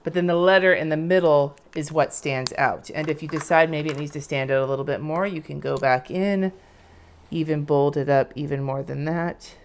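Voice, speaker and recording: Low-voiced chatty woman teaching lettering. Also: normal speed, slight background noise. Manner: chatty, rambling, demonstrates while drawing. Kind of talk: casual live-stream lesson.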